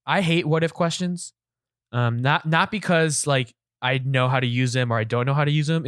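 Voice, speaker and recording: A man's voice: medium pitch, smooth, no room sound, clean studio sound. A man co-hosting a podcast in casual chat, ranting with exasperation and stammering restarts. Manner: animated, exasperated rants with repeated stammered restarts. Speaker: podcast co-host.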